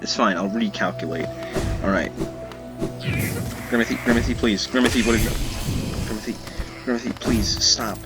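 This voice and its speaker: A man's voice: fairly low pitch, moderate pace, pauses often. Playful male gamer over game music. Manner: playful, scolds his in-game companion jokingly. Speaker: gamer commentator. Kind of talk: let's play commentary. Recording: loud game music behind voice. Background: video game music.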